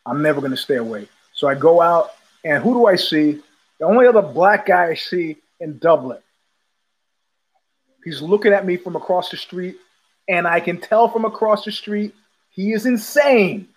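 A man's voice: high voice, expressive, normal speed, husky, low-quality recording. A man hosting a podcast, telling a casual rambling story with many restarts and repetitions. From United States. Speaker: podcast host.

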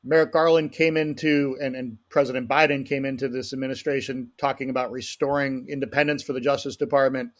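Male podcast host, mid-pitched, hesitant interviewer with lots of fillers. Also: fairly even intonation, a little fast, hardly any pauses. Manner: hesitant, filler-heavy questioning. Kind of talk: interview questions.

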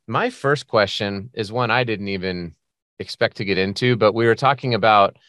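A man's voice: fairly low pitch, fairly bright tone, no room sound, clean studio sound. Joking American man hosting a podcast. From United States. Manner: upbeat, joking, quick asides. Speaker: podcast host. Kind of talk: casual interview chat.

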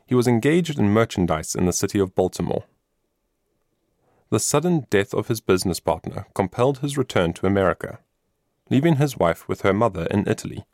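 A man narrating a storybook in steady, solemn tones. His voice sits low with a gravelly texture. The sound is dry and close to the mic. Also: brisk, dry recording. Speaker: audiobook narrator.

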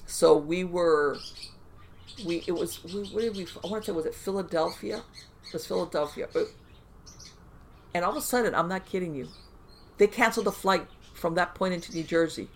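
A woman guest on a podcast, telling stories in a casual, animated way with lots of fillers and restarts. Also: fairly low pitch, moderate pace, long pauses, slight background noise. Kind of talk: casual conversational storytelling.

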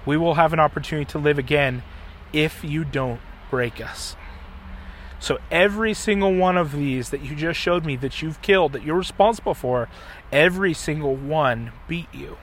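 Man reading out a defiant young hero, solemn, declaiming, slightly high. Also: fairly bright tone, slight background noise, lightly acted.

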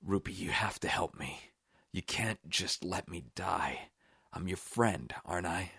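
A dying Scotsman, as a male narrator voices him, low and hushed, breathy and barely above a whisper. He is out of breath, pleading. The read is close and dry. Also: slow, dry recording, heavily acted. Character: wounded Scottish man, dying, pleading.

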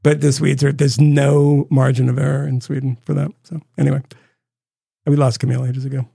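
A man's voice: mid-range voice, level tone, fairly quick, creaky, mellow, slightly rough, dry recording, clean studio sound. A man co-hosting a podcast, telling rambling, profane stories with a lot of laughter. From United States. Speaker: podcast co-host. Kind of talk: casual rambling chat.

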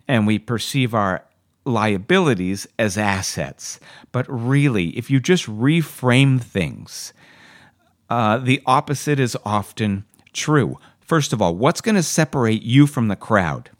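Answering listener questions on his podcast, a Canadian host gives opinionated advice with passion, ranting and emphatic. He speaks slowly and expressively in a mid-range voice. The studio-quality recording is dry.

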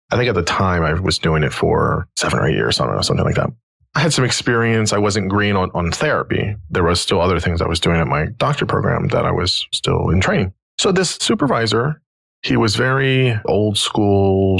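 A man's voice: low-pitched, vocal fry, fairly bright tone, husky, no room sound. A middle-aged man hosting a podcast, casually telling a long story and quoting others in his own voice. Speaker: podcast host.

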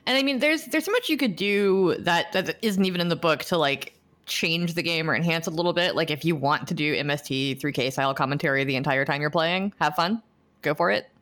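A woman's voice: deep voice, a little fast, fairly bright tone. A woman co-hosting a podcast, talking enthusiastically and rambling with many restarts. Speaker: podcast co-host. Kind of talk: casual podcast chat.

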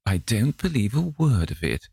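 A man's voice: lowish voice, big pitch swings, normal speed, gravelly, dark tone, husky, no echo, studio quality, voice pushed up, heavily acted. A man voicing a chatty, scolding elderly society hostess in an audiobook reading, with exclaiming, indignant lines.

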